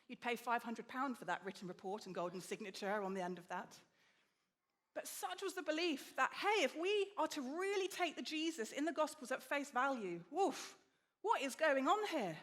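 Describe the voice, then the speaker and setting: A woman preaching a sermon with lively storytelling, acting out the people she quotes. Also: sits high, moderate pace. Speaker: guest preacher.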